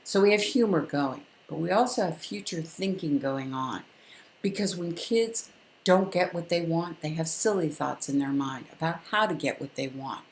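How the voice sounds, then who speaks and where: A calm older woman teaches parents in a firm, instructive way, spacing her points with deliberate pauses. Her voice sits a little low, and the room around her sounds echoey. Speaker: parenting educator. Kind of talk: direct-to-camera parenting lesson.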